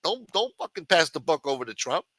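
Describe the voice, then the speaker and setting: A man's voice: a little high, sing-song, a little fast, fairly bright tone, no echo. A man ranting angrily and profanely as a podcast host. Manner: angry, profane, combative. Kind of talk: profane political rant.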